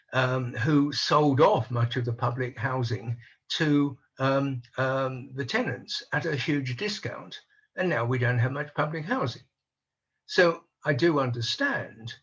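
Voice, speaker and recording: An older man speaking on a conference panel over a video call, measured and analytical, voicing doubts in a deliberate way. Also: mid-range voice, fairly bright tone, husky, highs cut off. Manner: measured, analytical, openly skeptical. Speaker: panel speaker on housing policy. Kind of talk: online conference talk.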